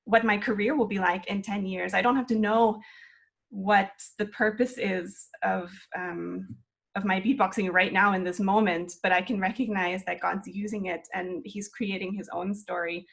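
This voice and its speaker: A woman's voice: mid-range voice, fairly even intonation, normal speed, gravelly. A woman in her twenties, a flute student, speaking earnestly and encouragingly in a reflective interview conversation.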